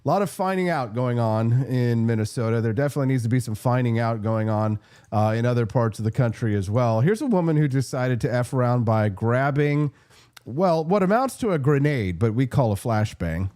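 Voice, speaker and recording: A man's voice: medium pitch, expressive, brisk, warm tone, clear, resonant tone. A man hosting a political commentary show, talking in a sarcastic, combative way and reading out viewer comments. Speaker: host.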